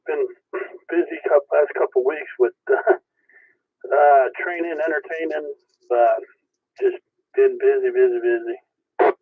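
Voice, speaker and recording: A man checking in on a ham radio net, talking casually with many halting restarts. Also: on the high side, big pitch swings. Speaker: caller checking in. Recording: tinny radio transmission.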